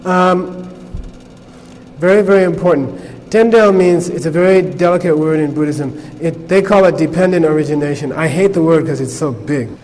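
A man's voice: a little high, normal speed, a little mellow. Chatty man teaching a class, echoing room. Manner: conversational, peppered with "okay?" checks. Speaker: Buddhist teacher. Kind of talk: informal class lecture.

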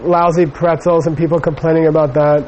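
A man's voice: on the high side, level tone, fairly quick, darkish tone, slight background noise, rough recording. A middle-aged man giving a Buddhist teaching, telling a personal story in a rambling way with many fillers. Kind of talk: dharma talk with personal anecdote.

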